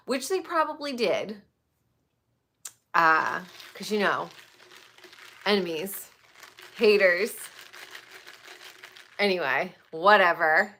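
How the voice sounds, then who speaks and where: A woman's voice: on the low side, slow, long pauses. Blunt, swearing woman gossip host. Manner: blunt, swears freely, animated outbursts. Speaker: podcast host. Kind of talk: casual celebrity gossip chat.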